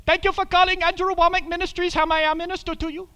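A man imitating a gentle, polite Indian man with broken English answering a prayer phone line. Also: very high-pitched, flat delivery, fast talker, pitched above the performer's own voice. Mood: cheerful. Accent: Indian English, put on.

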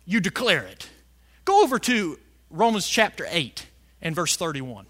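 A male preacher delivering a fiery sermon, shouting some lines and stretching words out slowly for emphasis. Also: very high voice, wildly swooping pitch. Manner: fiery, shouting emphasis with big swings in loudness.

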